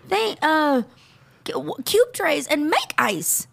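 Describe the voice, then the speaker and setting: Woman, middle-aged, podcast co-host, animated, ranting, slightly high voice, gravelly edge. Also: a little slow. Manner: animated, ranting, laughs often. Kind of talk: casual chat.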